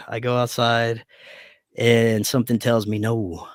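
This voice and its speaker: Speaking at normal speed in a mid-range voice, a man shares a personal story as a guest on a podcast. He laughs a lot and performs the dialogue of the people involved; the recording is dry with clean studio sound.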